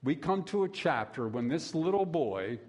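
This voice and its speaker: A man's voice: fairly high pitch, expressive, moderate pace, a little mellow. A middle-aged man preaching a sermon as a pastor, folksy and conversational, with asides to the congregation.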